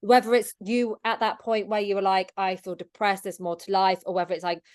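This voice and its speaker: A woman's voice: medium pitch, little pitch movement, clean tone. A woman hosting a podcast, chatting enthusiastically with her guest. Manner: enthusiastic, chatty, quick to laugh. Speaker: podcast host. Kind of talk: casual interview chat.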